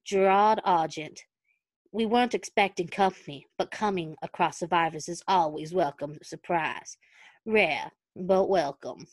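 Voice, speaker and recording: A woman with a Southern US accent voicing an older male hunter leader in a fan story, speaking slowly and with a falsely welcoming tone. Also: on the low side, no room sound.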